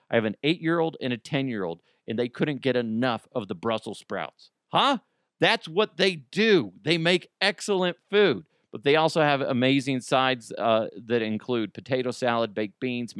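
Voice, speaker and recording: A male radio host tells stories casually and jumps into quick put-on voices for the people he quotes. His mid-range voice is recorded close and dry, with no room sound at all. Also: mid-range voice, smooth, dry recording. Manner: animated storytelling with put-on quotes. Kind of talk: casual chat and live-read ad.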